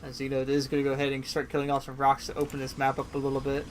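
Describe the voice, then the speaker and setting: A man giving casual, chatty play-by-play commentary on a strategy game match, swinging into excited bursts, and sounding tired. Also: medium pitch, rapid-fire, a little hiss or hum. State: yawning, tired. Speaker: esports caster.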